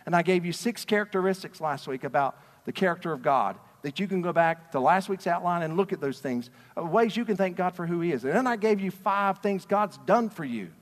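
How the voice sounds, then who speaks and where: A man preaching a sermon as a pastor, passionate and swinging between quiet talk and shouting. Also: high-pitched, expressive, a little fast, few pauses, long reverb tail. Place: church sanctuary.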